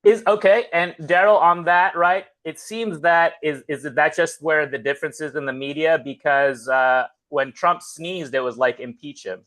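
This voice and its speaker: A man hosting a casual livestream talk show, talking in a relaxed, conversational way. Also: a little high, moderate pace, hardly any pauses, low-quality recording. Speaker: host.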